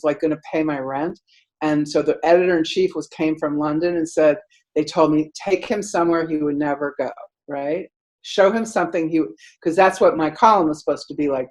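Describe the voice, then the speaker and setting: A middle-aged woman telling a rambling story in casual chat, acting out quotes loudly with lots of "like". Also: low voice, poor audio. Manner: animated, acts out quotes loudly; rambling, many "like" fillers.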